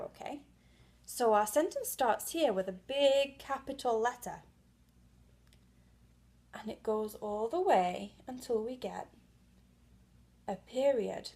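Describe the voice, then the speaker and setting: Slow, patient woman teaching little children. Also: on the high side, animated, mellow. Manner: patient, explaining slowly to small children, many "okay?" check-ins; claps and calls out syllables, some words half-whispered. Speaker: reading teacher. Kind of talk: early literacy read-aloud lesson.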